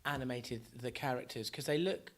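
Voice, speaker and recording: A young man from Devon with a slight Devon accent, co-hosting a casual chat. He sounds upbeat and often pauses with fillers. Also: medium pitch. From Devon, England. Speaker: podcast co-host.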